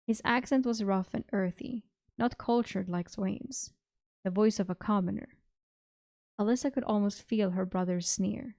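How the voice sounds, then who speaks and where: A young woman streamer reading a fantasy story aloud at an unhurried pace, now and then correcting a word. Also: medium pitch, steady tone, dark tone. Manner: unhurried, occasional self-corrections.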